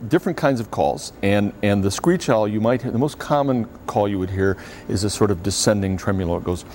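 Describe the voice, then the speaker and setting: A man with a low voice who is a wildlife expert being interviewed. He speaks haltingly, filling gaps with "uh" as he explains. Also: a little mellow, a little hiss or hum. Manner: halting, lots of "uh". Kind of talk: interview answers.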